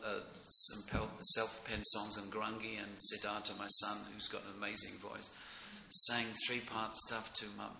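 A middle-aged man giving an informal devotional class in a temple room, rambling and excitable, often breaking into chuckles. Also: lowish voice, measured pace, vocal fry, hardly any pauses, a crowd in the background. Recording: echoey room with faint noise.

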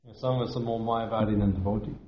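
A man's voice: fairly low pitch, fairly even intonation, rapid-fire, a little mellow, slight background noise. A man teaching at a temple, giving a devotional lecture in an earnest, self-deprecating way and repeating his points for emphasis. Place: temple hall. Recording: echoey hall.

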